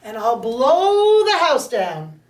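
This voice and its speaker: A woman's voice: high voice, huge pitch swings, slow, exaggerated voice. A woman voicing the big bad wolf, a blustering male wolf who draws out his threats, recorded in a roomy space from a distant mic. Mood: threatening.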